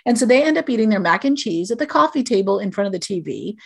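A woman's voice: medium pitch, animated, quick pace, creaky, hardly any pauses, husky. A middle-aged woman, a guest on a podcast, gives parenting advice in an earnest, direct, explanatory way.

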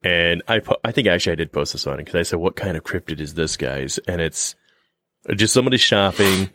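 A man co-hosting a casual podcast chat, rambling and joking in an animated way. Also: low voice, fairly quick, no room sound. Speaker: podcast co-host.

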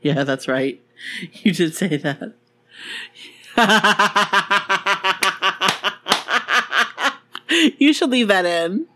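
Slow, lively-voiced playful woman. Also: medium pitch, noisy background. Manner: playful, giggly, teasing. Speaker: podcast co-host. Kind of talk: casual chat.

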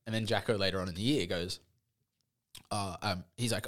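Young bloke co-host, low voice, jokey storyteller who acts out quotes. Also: male voice, steady tone, normal speed, fairly bright tone. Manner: joking, laughing, acting out quotes. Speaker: podcast co-host. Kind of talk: casual chat.

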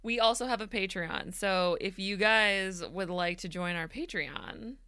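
A woman's voice: mid-range voice, measured pace, bright, forceful tone, clear, resonant tone, no echo, studio quality. A woman co-hosting a podcast in casual chat, easygoing and agreeable, laughing often. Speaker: podcast co-host.

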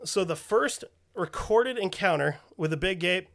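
A man's voice: high voice, animated, measured pace, creaky, fairly bright tone. A man hosting a podcast in casual chat, profane and joking. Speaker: podcast host.

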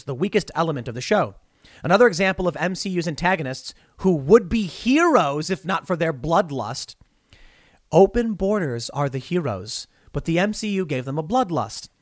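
A man hosting opinionated political commentary, animated and wry, with mocking asides. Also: on the high side, dry recording, studio quality.

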